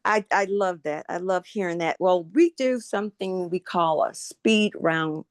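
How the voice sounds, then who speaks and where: A woman hosts a podcast and runs through a speed round of questions with upbeat encouragement. Her voice sits a little low, and the recording is dry and close. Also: unhurried, no echo. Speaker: podcast host. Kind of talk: casual podcast interview.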